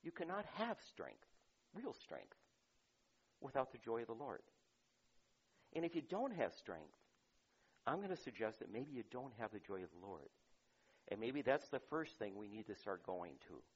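A male pastor preaching in a relaxed, conversational way, with a husky, slightly breathy voice. He throws out rhetorical questions and moves from loud emphasis down to near-quiet remarks. The recording sounds a little dull and muffled. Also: medium pitch, moderate pace, long pauses. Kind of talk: sermon.

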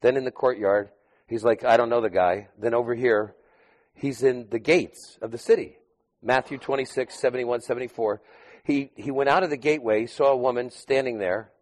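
A man preaching a sermon, talking to his listeners as if in casual conversation. His voice sits at a middle pitch. It swings between loud emphatic bursts and quiet, low asides. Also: moderate pace. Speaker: pastor.

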